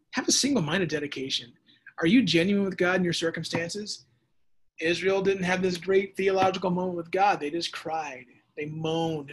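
A man preaching a sermon as pastor, lively and conversational, acting out voices and adding casual asides. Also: high voice, husky. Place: church or home setting during the pandemic.

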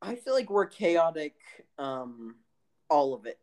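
Playful co-host, casual riffing; animated, lively pitch. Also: takes it slowly. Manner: playful, riffing, laughs often. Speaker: podcast co-host. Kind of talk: casual chat.

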